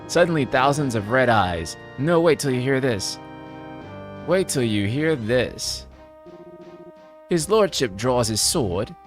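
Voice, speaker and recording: Brief: man doing merry, loud tavern soldier, high voice, over faint music. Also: big pitch swings, normal speed, hardly any pauses, close to an everyday voice. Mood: boisterous. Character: boisterous tavern soldier telling tales.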